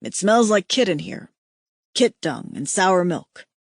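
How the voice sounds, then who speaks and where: A woman's voice: fairly low pitch, animated, a little slow, no room sound, clean studio sound. A woman voicing a big, blunt alien barbarian man who speaks in short clipped lines, in an audiobook. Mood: gruff.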